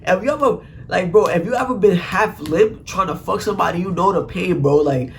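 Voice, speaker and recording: A young man telling a profane, animated story in a casual vlog, full of "like" and "bro.". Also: high-pitched, brisk, gravelly, a little hiss or hum. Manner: animated, profane, slang-heavy, constant "like" and "bro".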